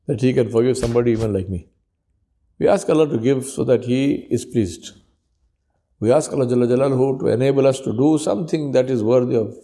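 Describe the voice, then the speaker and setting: A man's voice: medium pitch, gravelly, warm tone. A man preaching a sermon in an earnest, fervent way, with Arabic prayer phrases woven in.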